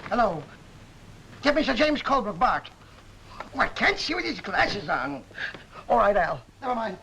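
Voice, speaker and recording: Brash music publisher, high-pitched voice, lively swooping delivery, slangy sales patter, 1950s film comedy. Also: male voice, normal speed, slight background noise, exaggerated voice, low-quality recording. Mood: excitable. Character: brash excitable male song publisher.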